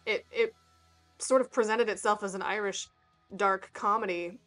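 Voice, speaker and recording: A woman's voice: medium pitch, fairly even intonation, moderate pace, fairly bright tone. A chatty woman co-host talking casually with a friend. She hesitates with fillers and laughs often, and faint music plays beneath her voice. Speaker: podcast co-host. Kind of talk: casual chat.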